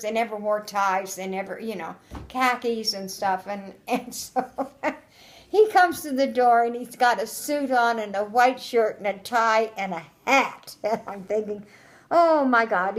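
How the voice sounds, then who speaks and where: Older woman, chatty reminiscing, quotes dialogue, frequent laughter. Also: a little high. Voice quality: laughs often while telling stories. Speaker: interviewee. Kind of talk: oral history storytelling.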